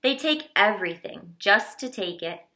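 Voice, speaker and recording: Lady reading a grim street-smart teen boy, low and quiet, short clipped lines, very bright tone. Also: animated, normal speed.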